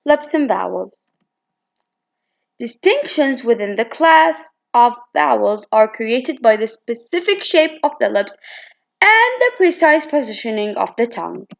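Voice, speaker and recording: A woman reads out a phonetics lesson in a fairly high voice with a gravelly edge of fry. She stumbles and restarts now and then as she goes through her slides. The recording sounds dull and lo-fi. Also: very animated, unhurried. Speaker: student presenter. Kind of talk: reading a phonetics presentation.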